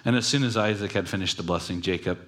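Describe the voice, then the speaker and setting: A man's voice: low-pitched, fast talker, a bit bright. A man preaching a sermon in a casual storytelling style, with joking asides. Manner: conversational, jokey asides.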